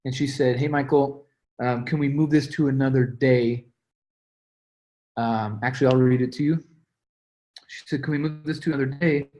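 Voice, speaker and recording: A man's voice: mid-range voice, darkish tone. A young man leading a sales team call, coaching with energy and acting out his own calls and texts. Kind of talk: motivational sales coaching talk.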